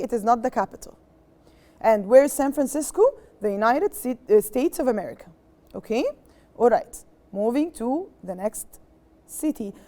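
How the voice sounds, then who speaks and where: Egyptian lady teacher, kinda high voice, mellow, repeats stuff and keeps saying okay, mixes arabic and english. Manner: patient, repeats words and checks understanding; switches between English and Arabic explanations. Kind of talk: classroom lesson to young pupils.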